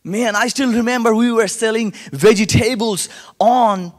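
A young man from India with an Indian accent, sharing his testimony to a church congregation as an animated storyteller who acts out the voices of people he quotes. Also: high-pitched, moderate pace. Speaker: guest speaker sharing testimony. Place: church sanctuary. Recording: long hall reverb.

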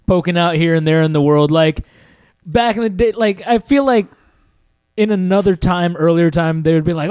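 A man with a high voice talks loosely on a casual podcast, rambling and laughing as he goes. His speech is full of "like" and restarts. The recording is dry and close-miked. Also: normal speed, a little mellow, clear, resonant tone, no echo. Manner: rambling, laughs often, lots of "like". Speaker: podcast co-host.

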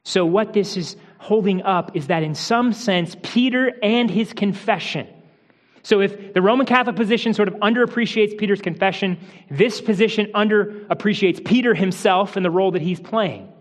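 A man delivers a teaching sermon in a high, light voice. He explains carefully, restarting phrases and dropping softer for quoted words. His voice rings with the long reverb of a large hall. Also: moderate pace. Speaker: pastor.

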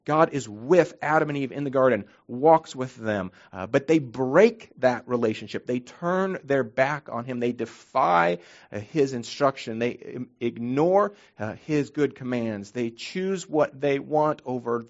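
A man's voice: mid-range voice, unhurried. Earnest preaching man, dull recording. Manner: earnest, emphatic preaching with frequent restarts. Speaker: pastor. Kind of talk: sermon.

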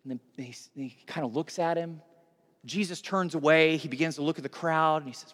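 A male pastor giving a sermon in lively storytelling style, speaking straight to his listeners. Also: fairly high pitch, fairly quick. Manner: animated storytelling, addresses listeners directly. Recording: long hall reverb.

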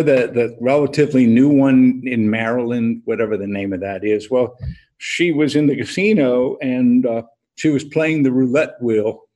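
A man preaching a sermon as an unhurried storyteller, pausing deliberately as he leads into his point. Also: medium pitch, warm tone. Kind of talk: sermon with a told joke.

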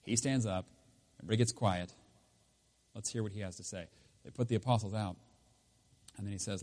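A man's voice: lowish voice, fairly even intonation, brisk, long pauses, darkish tone. Man preaching in an emphatic, conversational way. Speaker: pastor. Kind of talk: sermon.

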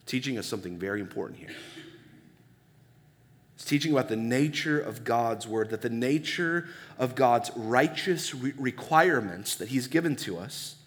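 A man's voice: mid-range voice, lively intonation, moderate pace. A male pastor preaching a sermon in a conversational way, asking his listeners many rhetorical questions. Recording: long reverb of a large hall.

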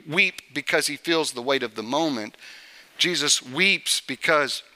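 A male pastor giving a conversational sermon in a church service, often checking in with the congregation with a quick "right?". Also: high voice, sharp tone.

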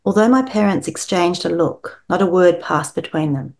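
A woman's voice: fairly low pitch, normal speed. A woman novelist, reading her own prose expressively and then chatting as a guest. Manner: expressive reader, chatty with restarts. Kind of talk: reading aloud and interview chat.

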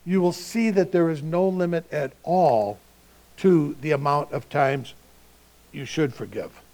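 A male preacher voicing a patient, gently chuckling teacher who speaks softly and casually. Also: fairly high pitch, a little slow. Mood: gentle. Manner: soft, warm and casual.

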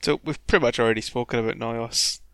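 Bright, crisp-voiced podcast man. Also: medium pitch, fast talker, no room sound. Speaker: podcast co-host. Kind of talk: casual chat.

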